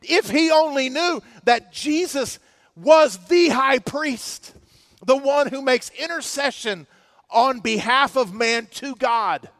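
A pastor preaches a sermon to his congregation in church, his voice noticeably high. He swings between loud emphasis and hushed passages, and the recording is close and dry with no room echo.

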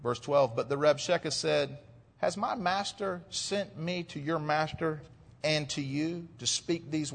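A man preaching verse by verse, his voice sitting high for a man. He presses hard on his main points, and the sound trails off in a long reverberant hall. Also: a bit bright. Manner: rises to emphatic preaching on key points. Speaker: pastor. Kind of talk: expository sermon.

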